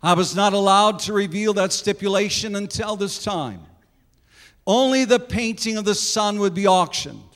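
A preacher voicing a persistent auctioneer. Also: male voice, high-pitched, moderate pace, fairly bright tone, big-room sound. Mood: solemn. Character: persistent male auctioneer, steady.

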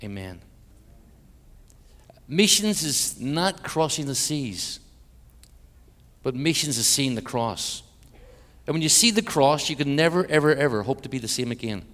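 A man's voice: on the high side, expressive, normal speed. A man with an Irish accent, a visiting preacher giving a sermon full of jokes and prayer to a congregation. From Ireland. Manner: joking with the congregation, then hushed prayer. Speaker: guest preacher. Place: large church. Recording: long church hall reverb.

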